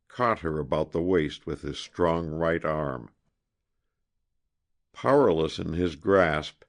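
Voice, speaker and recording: A male audiobook narrator with a very low voice, reading a historical adventure with dramatic expression. His pitch moves in a lively, animated way through the prose. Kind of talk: scripted narration of a historical novel.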